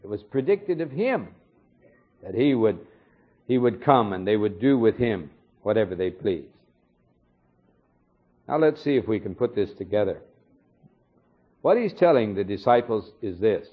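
Husky-voiced man teaching from the Bible. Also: on the low side, sing-song. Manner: measured, explanatory, with occasional fillers. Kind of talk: expository sermon. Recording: dull lo-fi recording.

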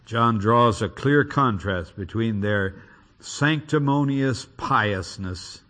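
A man preaching an expository sermon, reading and explaining scripture with emphatic, dramatic delivery. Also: lowish voice. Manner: lively, emphatic Bible reading with dramatic quotes.

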